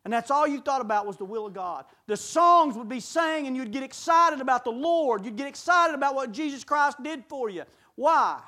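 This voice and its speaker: A man preaching a sermon in a church, swinging from hushed, low passages to shouted appeals. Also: animated, normal speed. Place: church sanctuary.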